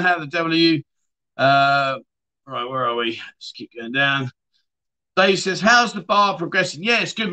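Man, livestream host, chatty comment reading, bright tone. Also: fairly high pitch. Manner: chatty, reads viewer comments aloud and answers them. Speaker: livestream chat show host.

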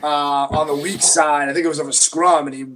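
A man giving thoughtful, measured analysis in a casual sports chat. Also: on the high side, steady tone, fairly bright tone, a little hiss or hum, rough recording.

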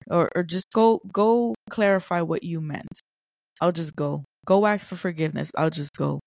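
Woman, faith podcast host, gravelly voice, earnest conversational teaching, dry close sound. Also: lowish voice, normal speed, a little mellow, no room sound. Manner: earnest, conversational, reads scripture then explains.

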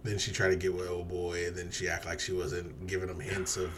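A man's voice: low voice, flat delivery, a little fast, noisy background. A man in casual conversation, talking bluntly with strong opinions and casual swearing. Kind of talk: casual chat.

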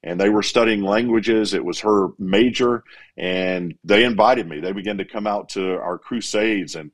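A middle-aged evangelist being interviewed, spinning a long personal story. His voice sits somewhat low, and he tells it with animated energy. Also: moderate pace. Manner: animated, acts out quotes.

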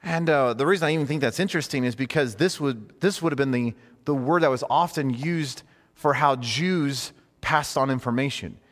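A man's voice: mid-range voice, moderate pace, a bit bright. A man teaching in a conversational sermon style, earnest and informal, often rephrasing himself mid-thought. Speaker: preacher teaching a class. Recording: long hall reverb.

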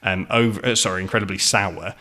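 Brief: English café owner, podcast guest, lower voice, rambling explainer with lots of ums. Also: male voice, steady tone, a little fast, bright, forceful tone. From England. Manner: explains at length, with many fillers and restarts. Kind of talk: casual podcast conversation.

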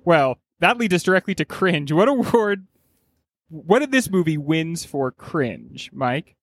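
A man's voice: on the high side, big pitch swings, measured pace, a bit bright, no echo, studio quality. A man hosting a podcast in casual chat, joking as he leads each segment. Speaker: podcast host.

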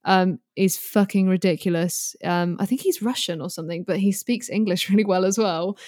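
A woman in her twenties, a guest musician chatting casually on a podcast, animated and swearing freely with plenty of fillers. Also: lowish voice, normal speed, dry recording, clean studio sound. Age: 20s.

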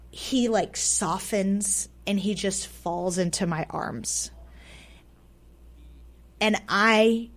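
A woman telling a personal story as a radio guest, swinging between loud and hushed, often repeating words for emphasis. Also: on the high side. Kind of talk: personal story told aloud. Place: radio studio.

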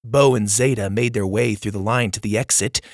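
Casting: male audiobook narrator, gravelly, lively pitch, dry studio sound. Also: moderate pace, no room sound. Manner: expressive, storybook reading.

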